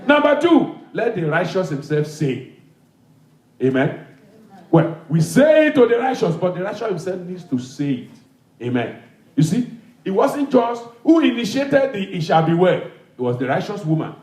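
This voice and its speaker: A man's voice: high voice, sing-song, moderate pace, darkish tone. A male pastor preaching an emphatic, repetitive sermon with call-and-response, in a church hall.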